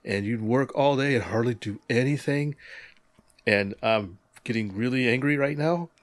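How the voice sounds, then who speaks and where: A man co-hosting a hobby podcast, chatting casually, animated and joking with frequent laughs. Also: mid-range voice, normal speed, no room sound. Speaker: podcast co-host. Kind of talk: casual chat.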